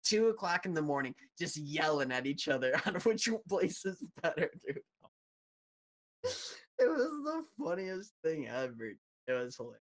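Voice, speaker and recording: A man's voice: a little high, normal speed. A young man co-hosting a live-streamed chat show, telling a story with lots of laughing and "dude". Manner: animated storyteller, keeps laughing mid-sentence and saying "dude". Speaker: co-host.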